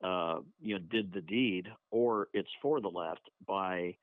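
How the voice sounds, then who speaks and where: A man calling in as a podcast guest, speaking in a measured way with many fillers. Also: sits low, no room sound. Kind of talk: casual political talk. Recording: tinny phone line.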